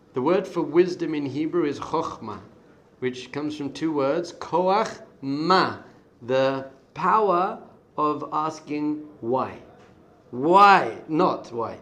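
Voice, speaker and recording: A middle-aged rabbi with a voice that is a little high gives yeshiva students a lively Torah class. He alternates emphatic loud bursts with quiet asides and uses Hebrew terms along the way.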